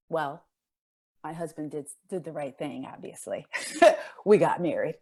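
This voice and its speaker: A woman in her fifties giving a guest speech, telling a personal story earnestly and emphatically, her voice climbing high as she presses rhetorical questions. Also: unhurried, long pauses, a little mellow, husky. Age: 50s. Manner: voice rises high when impassioned. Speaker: guest speaker.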